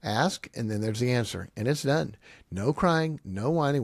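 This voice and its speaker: A man's voice: mid-range voice, normal speed, vocal fry, no echo, clean studio sound. A middle-aged man who grew up on a farm, giving emphatic, repetitive family advice in a preaching style as a podcast host. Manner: emphatic, repetitive, lively with short punchy phrases.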